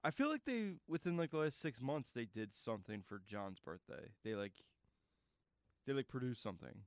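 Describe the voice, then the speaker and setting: A man's voice: mid-range voice, very animated, moderate pace, dry recording. A man acting as co-host on a radio show, chiming in with dry, brief remarks in casual banter. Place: radio studio.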